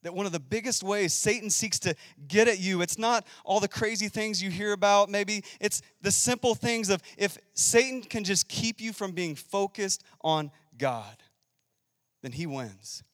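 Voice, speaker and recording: A man preaching a sermon, emphatic, swinging between loud and hushed. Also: high-pitched, a little slow, no room sound, clean studio sound, big-room sound. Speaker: pastor.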